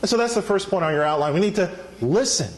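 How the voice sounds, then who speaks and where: A pastor delivering an emphatic sermon in a church, calling on the congregation to respond. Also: male voice, high-pitched, expressive, fast talker. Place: church sanctuary.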